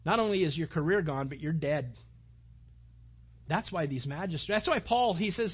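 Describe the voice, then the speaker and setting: A male pastor delivers a sermon in a somewhat high, husky voice. He retells the scripture story with lively energy and voices the characters' dialogue as he goes. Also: normal speed, long pauses. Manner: animated, acts out the story's dialogue.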